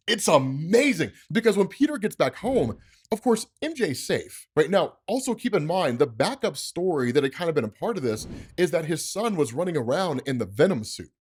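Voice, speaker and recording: A man hosting a casual comic book recap, excited and enthusiastic, saying "like" often. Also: a little high, moderate pace, slightly rough. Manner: excited, enthusiastic, heavy on filler "like". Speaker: comic book explainer host.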